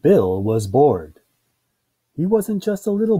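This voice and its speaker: Male children's story reader, sing-song delivery, warm husky voice. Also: a little high, big pitch swings, slow, long pauses. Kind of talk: read-aloud children's story narration.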